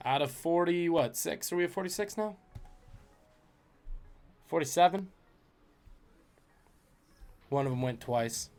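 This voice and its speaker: A man's voice: on the high side, animated, unhurried, long pauses, a little mellow, faint music behind. A man hosting a live-streamed trivia game, joking and chatting with viewers between questions.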